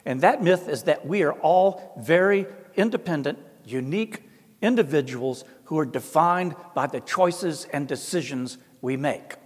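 A middle-aged priest with a thick Appalachian Southern drawl speaks in a fairly high voice. He talks in a folksy, self-deprecating storytelling way and acts out the voices in his tales. His voice rings with a long reverb, as if he is in a big hall. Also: a little slow. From American South. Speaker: Orthodox priest. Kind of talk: storytelling talk.

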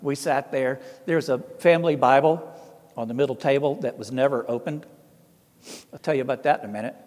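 Speaking briskly in a mid-range, slightly mellow voice, a middle-aged man from the American South tells stories. He is an Orthodox priest with an Appalachian Southern accent, folksy and self-deprecating, acting out the voices he quotes, heard through long hall reverb.

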